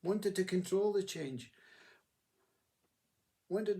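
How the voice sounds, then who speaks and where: A man's voice: high voice, slow pace, dark tone, distant mic. A man giving a reflective spiritual talk who acts out inner voices as he speaks. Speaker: spiritual teacher.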